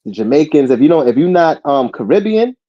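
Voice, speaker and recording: A laid-back man explains his view in a relaxed conversation. His voice is mellow and dark, and the recording sounds dull and lo-fi. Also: fairly high pitch, a little fast, no echo. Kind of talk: casual chat.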